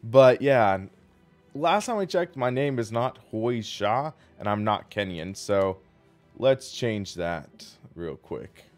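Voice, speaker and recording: A man's voice: on the low side, expressive, slow pace, soft background music. A man hosting a live sim racing stream, chatting casually and rambling as he plays and thanks viewers.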